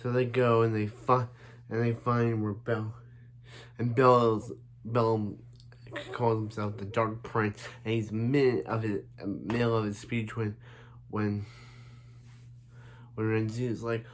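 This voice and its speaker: Male reviewer, slow unhurried delivery, rambling casual recap full of restarts. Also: lowish voice, little pitch movement. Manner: rambling, many restarts and "so yeah" fillers. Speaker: anime reviewer.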